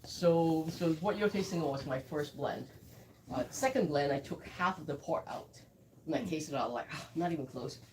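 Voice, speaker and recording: A woman's voice: low-pitched, normal speed, darkish tone, recorded from a distance, slight background noise, low-quality recording. A woman who blends whiskey, chatting through a live tasting and telling stories with quoted asides.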